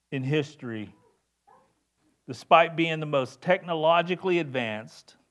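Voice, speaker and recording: Slow-talking conversational male preacher. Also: fairly high pitch. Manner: conversational, repeats words while building a point. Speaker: pastor. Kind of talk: sermon.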